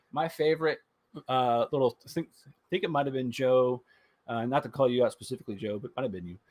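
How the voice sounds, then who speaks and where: Male podcast host, casual and animated, average pitch, loves mocking put-on voices. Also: fairly quick, no echo. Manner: animated, swears freely and jumps into high mocking voices for bits. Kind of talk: casual chat.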